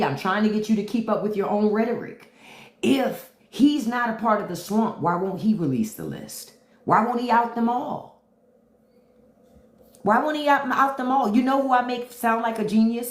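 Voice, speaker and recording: Blunt, taunting woman livestreaming in a roomy space. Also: medium pitch. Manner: blunt, taunting, repeats her question to commenters. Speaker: podcast host on a livestream. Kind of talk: unfiltered livestream commentary.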